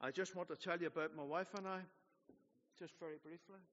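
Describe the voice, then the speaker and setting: An older man preaches to his congregation, pressing his points hard and then dropping to a near hush. His voice sits high for a man. The sound is dull and rings out with a long reverb through the church hall. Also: steady tone, a little fast. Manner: earnest, exhorting, swings from loud to hushed. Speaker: pastor. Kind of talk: sermon.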